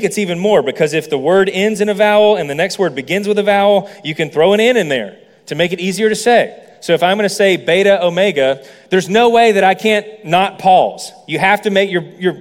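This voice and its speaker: A man's voice: high voice, a little fast, long reverb tail. A man preaching a sermon as a pastor, explaining points with playful asides to the congregation. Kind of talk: sermon teaching.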